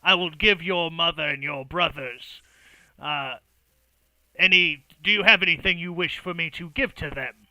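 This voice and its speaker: A man voicing a gruff, proud male orc warrior in a tabletop game, booming and blunt. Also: moderate pace, sharp tone, no room sound, low-quality recording.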